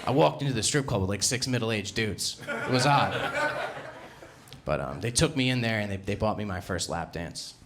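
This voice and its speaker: A young man from New Jersey with a Jersey accent, doing a brash, self-mocking stand-up set and punching out loud acted-out quotes. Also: on the low side, expressive, moderate pace. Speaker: stand-up comedian. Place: comedy club stage. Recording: live room with audible crowd noise. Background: audience laughter.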